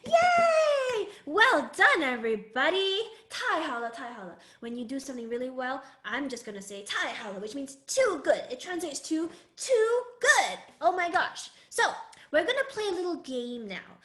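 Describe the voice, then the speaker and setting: A woman teaching a live online music and Mandarin lesson to children in an animated, sing-song manner. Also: high-pitched, normal speed, echoey room. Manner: animated, sing-song, calls herself in third person. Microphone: video call.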